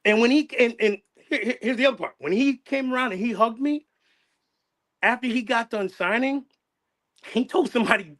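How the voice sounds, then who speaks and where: Pria bersuara tinggi dan cerah, bicara penuh perasaan. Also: male voice, extremely high pitch, moderate pace, fairly bright tone. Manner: passionate, repeats phrases, many restarts. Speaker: channel host. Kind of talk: emotional casual chat.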